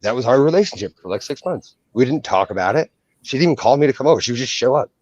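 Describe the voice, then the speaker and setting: A man's voice: medium pitch, expressive, very fast, a little mellow, no echo. Brash, foul-mouthed young male co-host, casual banter, dry, slightly dull recording. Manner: brash, profane, joking. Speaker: coin channel co-host. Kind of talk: casual livestream chat.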